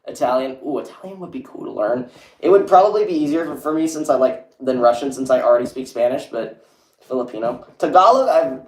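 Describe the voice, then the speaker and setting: A mid-range, darkish male voice comes from a young streamer in a room with noticeable echo. Casual and rambling, he reads his chat aloud and keeps saying "like."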